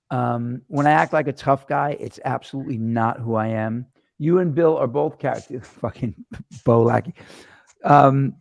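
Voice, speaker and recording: Gravelly-voiced man hosting a rambling chat. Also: medium pitch, no room sound, studio quality. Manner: animated, rambling, profane storyteller. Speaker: host. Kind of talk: casual chat. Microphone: webcam or phone camera mic.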